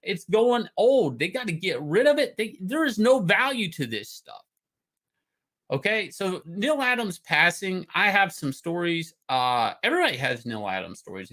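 Middle-aged male host, profane excitable rant, bright voice that swings up and down a lot. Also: sits high. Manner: loud, swearing, excitable, jumps from topic to topic. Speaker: comic artist and show host.

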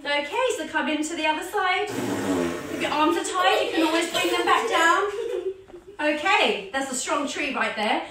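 A woman guides a children's yoga story in an animated, sing-song voice full of encouragement. Her voice is bright and clear. It rings in a very echoey room, picked up from some distance off the mic. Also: very high-pitched, moderate pace, a little hiss or hum. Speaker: kids yoga teacher.

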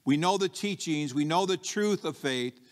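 A man preaching from the pulpit with a slightly high voice, his words trailing into the long reverb of a church hall. He talks like a storyteller, circling back and restarting, then jumps up in pitch to act out bold, defiant lines. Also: expressive, moderate pace. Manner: frequent restarts and "you know" asides, conversational. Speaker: pastor. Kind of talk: sermon. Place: church sanctuary.

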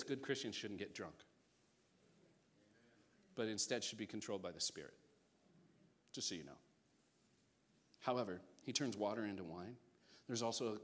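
A male pastor preaching a sermon, acting out voices in his stories, swinging between loud bursts and hushed asides, with jokey remarks. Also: on the low side. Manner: animated storytelling, acts out voices, jokey asides.

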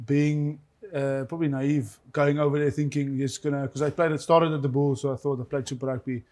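A South African man in his thirties whose first language is Afrikaans, telling relaxed, rambling stories as a guest in a casual interview. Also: a little high, a little fast. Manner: relaxed, laughing, rambling anecdotes. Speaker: guest rugby player.

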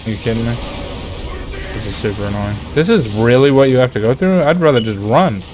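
A man streaming a video game, reacting loudly, swearing in frustration and chatting with his viewers. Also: medium pitch, lively intonation, a little fast. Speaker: gaming streamer. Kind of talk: live gameplay commentary reading chat.

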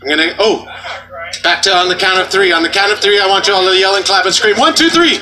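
A man performing as a street juggler, bantering and joking loudly with an outdoor festival crowd. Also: high-pitched, flat delivery, quick pace, slight background noise. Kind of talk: comedic stage patter.

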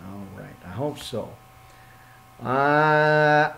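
A man leads a loose, homespun Bible study sermon, reading scripture and wandering off into playful asides. His pitch swings widely and he takes his time between phrases. A faint hum sits under the recording. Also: sing-song, slow, rough recording. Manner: rambling, playful, reads scripture aloud with asides. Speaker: preacher.

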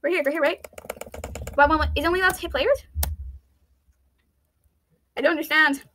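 Brief: high, bright-toned woman, excitable let's-play commentary, frantic repeated pleas. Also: fairly quick. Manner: thinks aloud, with frequent "let's see" and "I don't understand". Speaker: YouTuber playing an online game. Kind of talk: casual gameplay commentary.

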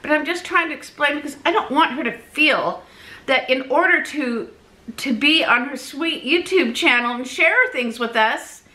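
A woman vlogger chatting casually to her camera, animated and talkative, often laughing. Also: high-pitched, normal speed. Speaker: weight-loss vlogger.

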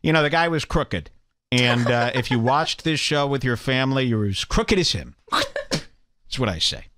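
A man's voice: medium pitch, very animated, moderate pace, bright, forceful tone. A man hosting a podcast, ranting in a mocking, bombastic comedic way. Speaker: podcast host. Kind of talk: provocative comedic rant.

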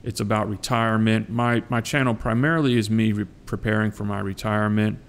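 Gravelly Southern-accented middle-aged man. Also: lowish voice, little pitch movement. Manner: joking, drawn-out, addresses viewers as guys. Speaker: coin collecting vlogger. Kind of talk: casual rambling chat.

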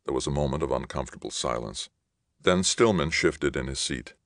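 A man's voice: a bass voice, brisk, no echo. A man reading a science fiction audiobook aloud as narrator, on a close studio mic. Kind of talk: scripted narration.

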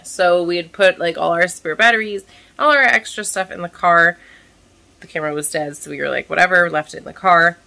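A woman with a scratchy, hoarse voice chatting casually in a vlog, telling a story in an animated way while cooking at home. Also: fairly low pitch, brisk. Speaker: vlogger, stay-at-home mom.

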